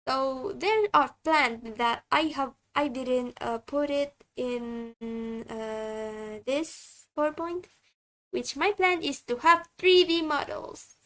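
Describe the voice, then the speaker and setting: High, slow-talking woman. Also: a bit bright. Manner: halting, chatty. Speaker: streamer. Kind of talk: casual stream self-introduction.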